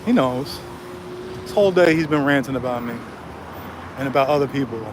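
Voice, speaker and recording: A man's voice: medium pitch, a little fast, background noise. A man ranting angrily on a livestream from a city street, swearing and taunting a rival, recorded on a cell phone. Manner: angry, profane, taunting.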